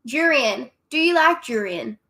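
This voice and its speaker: A woman's voice: high-pitched, lively intonation, unhurried, pushed and bright. A young Australian woman chatting casually with viewers on a livestream, giggly and self-deprecating. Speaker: streamer.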